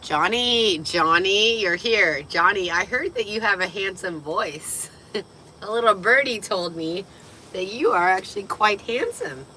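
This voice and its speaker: A tipsy woman livestreaming from a parked vehicle, giggling, swearing freely and getting excitable, her voice partly lost. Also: medium pitch, measured pace, slight background noise, poor audio. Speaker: livestream host. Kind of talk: tipsy casual livestream chat.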